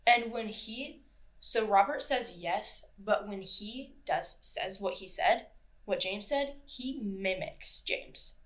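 A woman's voice: medium pitch, animated, slow. A woman co-hosting a podcast, telling a true crime story in casual, chatty talk, swearing freely and acting out what people said. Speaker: podcast co-host.

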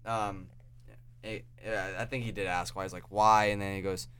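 A man's voice: deep voice, steady tone, fairly quick, fairly bright tone, clear, resonant tone. A young man hosting a podcast, telling a story in a rambling, profane way full of restarts. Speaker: podcast host. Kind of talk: casual chat, storytelling.

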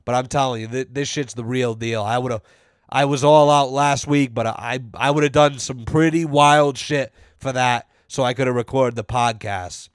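A young man rambles through his podcast in a loose, profane storytelling style. His voice sits at an ordinary pitch and comes through smooth and resonant. The recording is close and dry, with no room sound. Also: fairly even intonation, moderate pace, dry recording. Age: young adult. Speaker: podcast host. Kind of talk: casual monologue.

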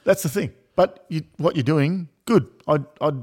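A man's voice: fairly high pitch, normal speed, a little mellow. Middle-aged man, crude laughing storyteller, casual podcast banter. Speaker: podcast co-host.

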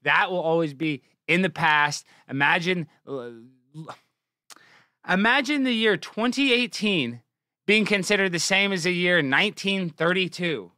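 Young male host, bright tense voice, dry close recording, sarcastic rants. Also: a little slow, no echo. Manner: mocking, swings from low mutter to loud exclaims. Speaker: show host. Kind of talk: sarcastic comedic commentary.

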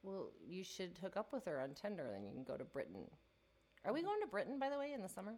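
A woman's voice: medium pitch, wildly swooping pitch, quick pace, a little mellow. A woman co-hosting a casual chat show, teasing and dry with a playful edge. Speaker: podcast co-host.

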